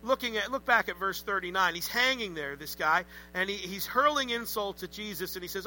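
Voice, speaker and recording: A man preaching a sermon in a conversational, animated way with joking asides. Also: high-pitched, brisk, few pauses, rough recording. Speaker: pastor.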